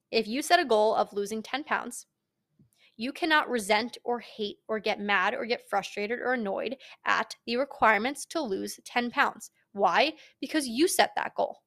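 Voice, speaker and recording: A young woman with a voice a touch higher than most talks straight to her listeners in a casual fitness podcast. She is emphatic and blunt and swears freely as she pushes them to own their goals. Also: fairly bright tone. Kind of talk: casual motivational podcast monologue.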